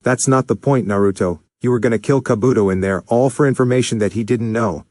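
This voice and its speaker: A man's voice: medium pitch, brisk, a little mellow, no echo, studio quality, lightly acted. A man voicing a stern older male scientist who scolds and lectures his protégé.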